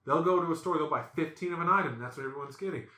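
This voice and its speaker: Animated storytelling man, echoey room. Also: a little high, racing. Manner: animated, acts out voices in his stories. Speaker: podcast host. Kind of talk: casual storytelling chat.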